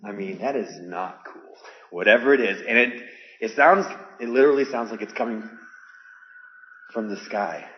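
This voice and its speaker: A man with a lowish voice talks at a moderate pace while filming in an open field during stormy weather. As a vlogger shooting outdoors, he narrates casually to someone on a phone call, uneasy about a strange sound. The phone recording is dull, with loud outdoor noise.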